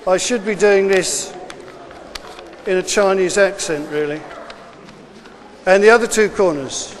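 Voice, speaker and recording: A man teaches a class of children, talking them through each step and repeating himself in a brisk, encouraging way. His voice sits very high, and he speaks slowly and deliberately. The sound carries a long, hall-like reverb. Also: steady tone, slight background noise. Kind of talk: classroom instruction.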